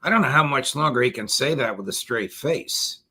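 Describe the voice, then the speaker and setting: A man's voice: medium pitch, animated, normal speed, bright, forceful tone, husky. A male host of a political interview show, making indignant and sarcastic asides.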